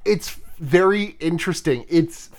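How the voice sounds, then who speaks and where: Guy on a podcast going through a movie plot, swears a lot, giggles, restarts sentences, slightly high voice. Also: unhurried. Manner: profane, giggly, rambling with restarts. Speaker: podcast host. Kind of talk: casual chat, retelling a film's plot.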